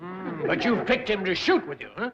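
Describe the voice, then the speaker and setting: An actor playing a sour, suspicious middle-aged banker in a 1960s TV sitcom, with dry sarcastic asides. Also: male voice, sits high, expressive, moderate pace, fairly bright tone, highs cut off. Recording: old TV audio with hiss.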